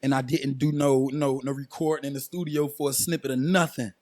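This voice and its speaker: A man's voice: mid-range voice, flat delivery, brisk, a little mellow, dry recording, studio quality. A man in his twenties, a guest musician, talking casually and at length with slang and frequent check-ins like "you feel me" on a podcast. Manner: laid-back slang-heavy storytelling, frequent "you feel me".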